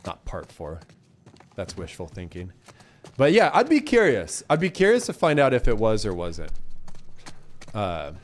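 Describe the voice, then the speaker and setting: A man's voice: on the low side, wildly swooping pitch, normal speed, long pauses. A man streaming a game live, chatting casually and cheerfully thanking donors, a bit congested. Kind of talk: casual live gameplay commentary.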